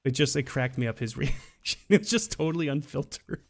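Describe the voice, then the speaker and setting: Gravelly-voiced man rambling through stories. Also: mid-range voice, expressive, moderate pace. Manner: rambling, restarts a lot, laughs at his own stories. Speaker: game streamer. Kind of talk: casual storytelling while gaming.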